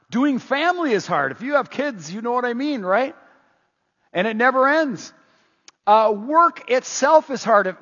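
A middle-aged man preaching a sermon in an animated, emphatic, repetitive way. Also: sits high, breathy edge. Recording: dull reverberant church sound.

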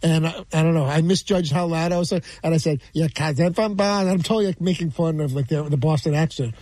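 A man from New York telling a rambling story on a sports talk show, halting and restarting often. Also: fairly high pitch, darkish tone, no echo. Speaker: regular on sports radio show. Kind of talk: casual storytelling.

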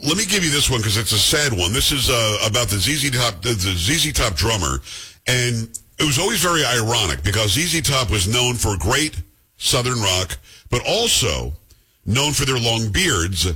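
A middle-aged man hosting a talk radio show, chatting casually and joking in quick asides from the studio. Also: medium pitch, very animated, bright, forceful tone, husky.

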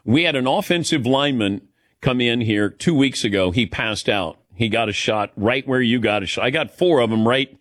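A man's voice: mid-range voice, normal speed, a bit bright, no echo. A middle-aged man hosting a radio talk show, telling a self-mocking story in a chatty way and laughing often.

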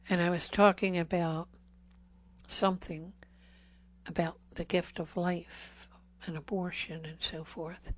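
In a lowish, flat voice, a woman preaches slowly and earnestly, giving a Catholic talk to a congregation at a healing service. Key words sink to a whisper, and she keeps pleading with repeated questions.

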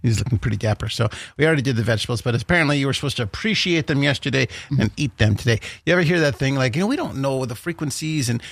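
A man's voice: mid-range voice, lively intonation, racing, creaky, few pauses, no room sound. A man hosting a morning radio show in casual banter, rambling and jokey with lots of fillers, in a studio.

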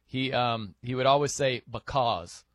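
A man's voice: medium pitch, lively intonation, a little fast, fairly bright tone, dry recording, studio quality. A man hosting a sports radio show, chatting casually and laughing as he mimics people in his stories.

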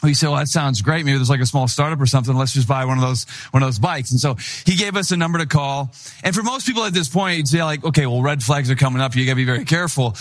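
A young pastor preaching to his congregation. He tells stories in a lively, animated way, acting out each person's voice as he goes. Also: mid-range voice, fast. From Wisconsin. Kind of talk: sermon.

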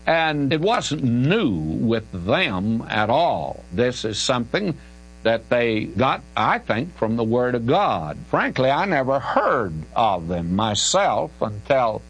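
An older man with a drawl teaches the Bible on the radio, his pitch rising and falling with lively emphasis. He talks in a folksy, conversational way and presses his points hard. A steady mains hum runs under this archival radio recording. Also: slow pace, slightly rough, poor audio. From Southern United States. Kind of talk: radio Bible teaching, answering listener questions.

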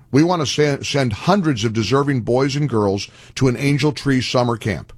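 A man's voice: medium pitch, no echo. A male radio talk show host making an earnest, pleading appeal, often restarting his sentences.

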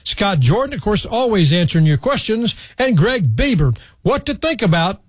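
A man's voice: high-pitched, very animated, moderate pace, slightly rough, no echo. A man hosting a radio talk show, chatting with guests and reading out credits. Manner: friendly, reads phone numbers and credits.

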